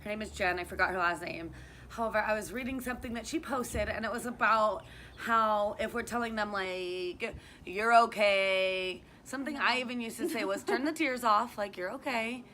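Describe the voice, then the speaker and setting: Outdoors on a sunny day, a youth yoga and wellness instructor talks earnestly in a casual discussion, thinking aloud with lots of fillers. Her voice is a little high, bright and pushed, fairly quick, with a slight hiss or hum in the audio.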